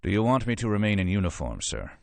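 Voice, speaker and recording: A man voicing a sullen, insolent young police officer who answers in flat, clipped, sarcastic replies in an audiobook. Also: fairly low pitch, fast, gravelly, no echo.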